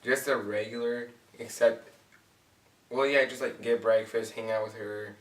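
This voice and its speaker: A young man co-hosting a couple's channel, telling their story in a joking, mock-dramatic way, often trailing off softly. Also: on the low side, little pitch movement, measured pace. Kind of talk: casual storytelling chat. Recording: echoey room, far from mic.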